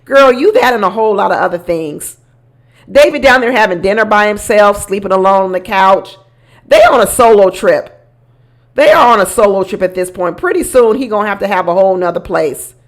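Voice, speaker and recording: A woman's voice: medium pitch, fairly quick. A woman giving sassy, casual commentary on a reality show, talking back to the people on it. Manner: sassy, animated, talks back to people on screen.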